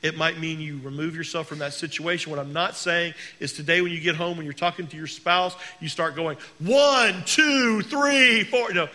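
A male pastor preaching a sermon in an earnest way, slowing down to stress key words. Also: on the high side, level tone, bright, forceful tone.

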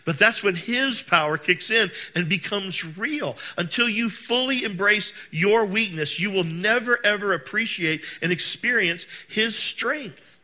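High, bright-voiced male pastor preaching. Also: lively intonation, a little slow. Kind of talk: sermon. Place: church service.

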